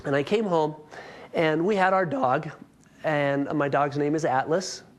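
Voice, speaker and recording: A man's voice: fairly high pitch, measured pace. A man in his thirties giving a health workshop talk, telling a story with self-mocking humor before moving on to teaching.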